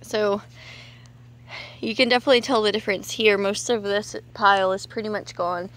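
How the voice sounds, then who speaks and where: A woman's voice: medium pitch, fairly even intonation, fast, fairly bright tone. Chatty woman vlogging outdoors, out of breath. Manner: chatty and rambling, thinking aloud. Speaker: homesteading vlogger. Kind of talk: casual outdoor vlog narration. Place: outdoors in a yard clearing brush.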